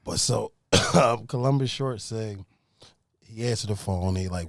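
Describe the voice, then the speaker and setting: A man's voice: on the low side, unhurried, creaky, dry recording, studio quality. A man co-hosting a casual podcast, retelling a story with lots of fillers. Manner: storytelling, animated when retelling. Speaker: podcast co-host. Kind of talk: casual chat.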